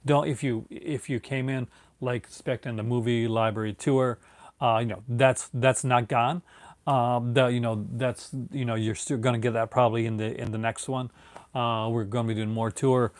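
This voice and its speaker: A man's voice: mid-range voice, little pitch movement, moderate pace, dry recording. A tired man hosting his own video, chatting casually and rambling with many fillers and restarts. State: tired, yawning. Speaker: video host. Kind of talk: casual late-night video chat.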